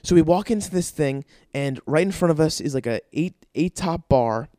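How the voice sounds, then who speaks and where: A man spins a casual story, swearing freely and tumbling through fillers with animated energy. His voice sits a little high for a man, and the sound is dry and close with no room echo. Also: moderate pace. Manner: animated, profanity-laced storytelling with frequent fillers. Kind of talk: casual anecdote telling.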